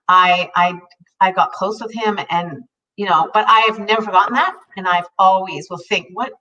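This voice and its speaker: A woman's voice: medium pitch, a bit bright. A middle-aged woman co-hosting a talk show, telling a personal story in an earnest, heartfelt way with many restarts. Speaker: co-host. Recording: voice a bit distant from the mic.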